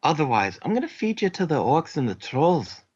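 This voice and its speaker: A man voicing a gruff male mercenary interrogator with a put-on Scottish accent, threatening and calling people lad. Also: fairly high pitch, big pitch swings, moderate pace, a little mellow, muffled recording, pitched above the performer's own voice.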